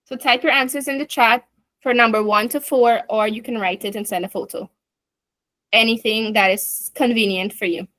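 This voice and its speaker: Bright-voiced woman teaching an online class. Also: a little high, steady tone, moderate pace, no echo. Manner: explains step by step with chatty asides.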